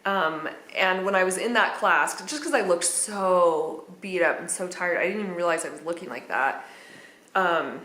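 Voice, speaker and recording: A woman's voice: lowish voice, lively intonation, moderate pace, sharp tone. Chatty woman vlogger in an echoey room. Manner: candid, chatty, with nervous laughs and many fillers. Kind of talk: casual personal account.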